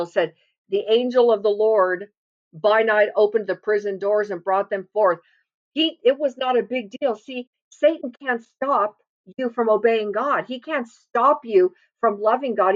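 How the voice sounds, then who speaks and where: A woman preaching a sermon, earnestly quoting and explaining scripture with emphatic delivery. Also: medium pitch. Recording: muffled lo-fi recording.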